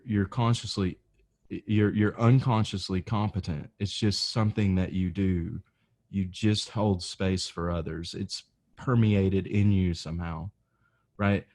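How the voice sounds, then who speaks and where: A man's voice: on the low side, a little mellow. A man hosting a podcast, asking questions and reflecting on his own past in a thoughtful, searching way. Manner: reflective, restarts phrases while thinking. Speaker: podcast host. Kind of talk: casual interview talk.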